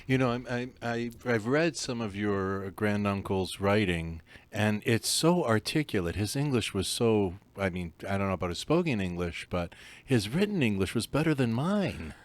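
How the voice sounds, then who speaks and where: A man's voice: on the low side, lively intonation, normal speed. A man hosting a live radio interview, asking questions and giving short acknowledgements. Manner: inquisitive, short backchannels. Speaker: radio host.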